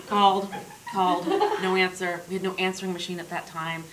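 Profane, animated woman telling a stage story. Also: on the low side, a little fast. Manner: animated, profane, self-mocking. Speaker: stand-up comedian. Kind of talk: stand-up storytelling. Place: theater stage. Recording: loud background noise, live theater.

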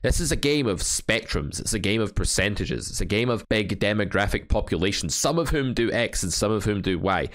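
A man from England with a deep, low voice talks through his poker hands like a coach. His delivery is wry and animated, with frequent joking asides between the strategy points. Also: a little fast, few pauses. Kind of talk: hand review commentary.

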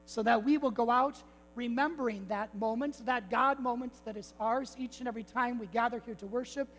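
A man's voice: very high voice, brisk, fairly bright tone. A man, a priest, preaching a sermon with repeated rhetorical phrases and calls to "my friends". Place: church. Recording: long church reverb with faint mains hum.

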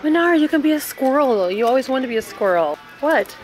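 Over music and the buzz of a packed costume store, a woman vlogs with a handheld camera, her high, expressive voice moving quickly. She giggles and chats casually, sounding a little chesty and congested.

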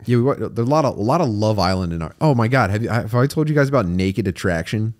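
A man's voice: fairly low pitch, lively intonation, quick pace, a little mellow. A young man co-hosting a casual podcast chat, with a laid-back, dry joking manner. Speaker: podcast co-host.

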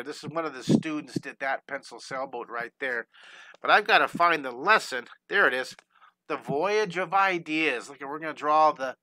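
A man's voice: on the high side, bright, forceful tone, dry recording, poor audio. A man teaching a live online drawing lesson, upbeat and encouraging, talking his students through each step and breaking into playful chants and sound effects.

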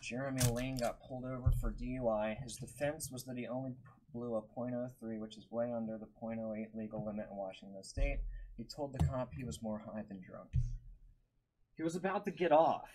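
A man's voice: mid-range voice, a little fast, background noise. A man hosting a live-streamed card break, calling out each card and chatting with viewers by name.

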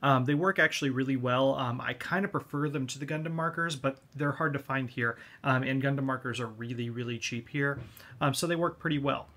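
A man talks through a model kit tutorial, explaining one step at a time in an unhurried, easygoing way. His voice sits in an ordinary middle pitch. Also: a bit bright. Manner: laid-back step-by-step explaining. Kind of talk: hobby tutorial.

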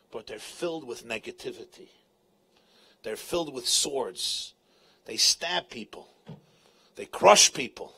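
A man with a husky, somewhat high voice, speaking as a rabbi before a live audience in a large tent. He retells a Talmud story dramatically, his pitch swinging widely and his emphasis sometimes rising to shouts.

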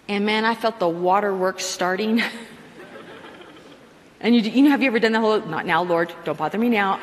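A middle-aged woman preaching a sermon to a live congregation, animated, acting out her own prayers in quoted asides. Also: medium pitch, slight background noise. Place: large hall with live audience. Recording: long hall reverb.

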